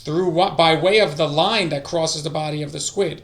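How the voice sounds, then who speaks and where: Gravelly-voiced man muttering through a stream. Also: a little high, moderate pace. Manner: talks to himself, drifting into quiet mutters. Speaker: streamer learning languages. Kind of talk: casual live-stream study session. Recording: echoey room.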